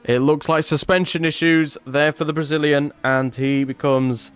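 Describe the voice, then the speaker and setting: A man's voice: fairly high pitch, moderate pace, smooth, soft background music. Chatty male sim-racing commentator. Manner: chatty, rises excitedly at incidents, asides to chat. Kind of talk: casual livestream race commentary.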